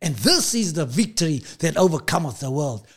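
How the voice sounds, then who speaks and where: A man preaching a sermon as pastor, emphatic and repetitive, slowing down to stress key lines. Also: a little high, big pitch swings, a bit bright.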